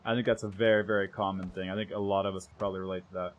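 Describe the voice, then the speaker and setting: A man's voice: low voice, level tone, rapid-fire, lo-fi sound. A young American man chatting casually with viewers while streaming a game, rambling and correcting himself as he goes. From United States. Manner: rambling, self-correcting, trails off softly.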